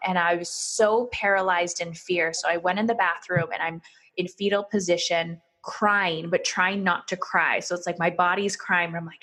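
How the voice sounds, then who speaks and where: A woman's voice: medium pitch, fairly bright tone. Earnest woman telling a personal story. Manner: earnest, quotes herself and others in dialogue. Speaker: podcast guest telling her story.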